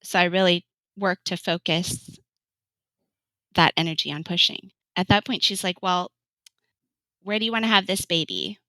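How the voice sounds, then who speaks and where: In an interview, a podcast guest from California in her thirties describes giving birth, chatty and quick to laugh as she acts out people's words. Her lowish, sharp voice keeps a normal speed with long pauses. The audio is poor, lacking room sound.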